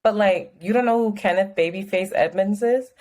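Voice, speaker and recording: Woman co-host, casual chat, animated storyteller, frank and profane. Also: mid-range voice, brisk. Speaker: podcast co-host.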